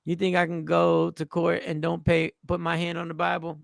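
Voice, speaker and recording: A man's voice: on the high side, completely flat delivery, normal speed, gravelly, no echo, studio quality. A man hosting a casual commentary show, talking bluntly and emphatically, with occasional swearing. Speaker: show host.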